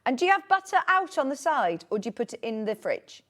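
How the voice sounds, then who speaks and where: A woman's voice: high voice, big pitch swings, fast, fairly bright tone, slight background noise. A British woman in her thirties presenting a live home shopping show, keeping up a bubbly, chatty sales patter. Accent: British English.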